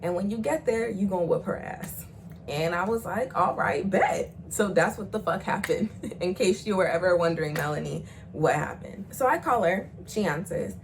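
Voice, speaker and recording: A woman's voice: fairly low pitch, expressive, normal speed, slight background noise, rough recording. A young woman vlogger telling a personal story in a casual, slangy way, swearing freely and acting out the voices of the people she quotes.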